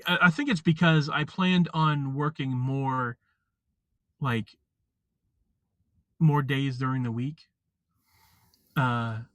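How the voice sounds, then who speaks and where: Man, casual live chat, halting, filler-heavy, dry close mic, mid pitch. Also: no room sound, highs cut off. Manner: rambling, halting, many fillers and restarts. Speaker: vlogger.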